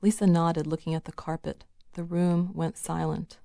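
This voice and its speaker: A woman narrating a novel in a measured, even reading. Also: deep voice, vocal fry, no echo, studio quality. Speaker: audiobook narrator.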